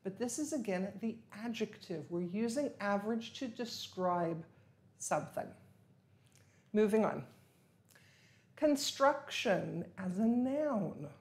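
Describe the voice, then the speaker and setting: Slow, patient woman teaching vocabulary. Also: medium pitch, expressive, a little mellow. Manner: explains patiently, repeating key words with examples; stresses words for emphasis. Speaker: English teacher. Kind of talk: recorded vocabulary lesson.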